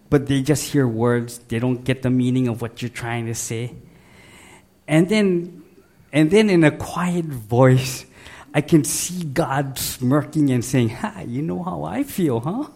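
A man's voice: medium pitch, takes it slowly, darkish tone. A man preaching a sermon in a folksy, conversational way, speaking directly to his congregation. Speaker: pastor.

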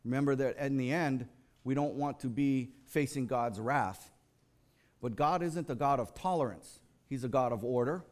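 An American man preaching a sermon in a conversational, storytelling way. He acts out the people in his stories, jumping between a hushed, low voice and a high, fired-up one. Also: moderate pace. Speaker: lay preacher.

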